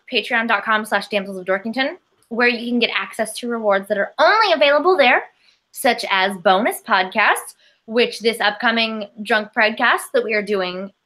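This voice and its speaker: A woman's voice: a little high, pushed and bright. A woman co-hosting a comedy podcast, chatting upbeat and reading out a list of thanks. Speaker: podcast co-host. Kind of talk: casual chat.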